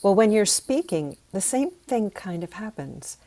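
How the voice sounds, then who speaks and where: A woman teaching sound healing, leading slow, soothing breathing and voice exercises. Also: medium pitch, big pitch swings, mellow.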